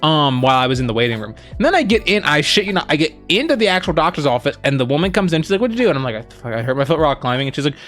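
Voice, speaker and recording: A young man casually telling a story as a co-host, rambling with lots of fillers and quoting people in animated bursts. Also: a little high, very fast, hardly any pauses, faint music behind.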